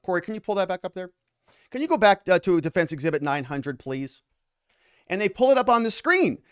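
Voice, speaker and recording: A man's voice: sits high, expressive, fairly quick, clear, resonant tone, dry recording, studio quality. A man recapping court testimony as a lawyer commentator, telling it animatedly with frequent laughs and acting out the quoted exchanges.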